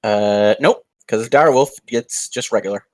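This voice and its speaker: A man narrating and running a tabletop game as game master, in a calm, deliberate way. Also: on the low side, rough recording.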